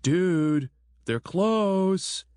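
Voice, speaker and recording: A man's voice: high voice, animated, drawn-out words, a little mellow, clear, resonant tone, dry recording, studio quality, voice pushed up, exaggerated voice. A man voicing a jumpy young man who talks in slang and pleads nervously. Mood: panicked.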